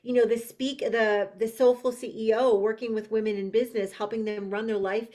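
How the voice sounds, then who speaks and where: A woman's voice: a little high, little pitch movement, brisk, mellow. A woman guest on a podcast telling a personal spiritual story in an earnest, emotional way, often restarting her sentences.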